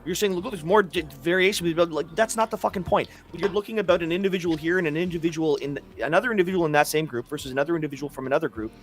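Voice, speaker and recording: A man's voice: on the high side, racing, hardly any pauses. A man co-hosting a live stream in casual talk, emphatic and profane, stumbling over repeated words.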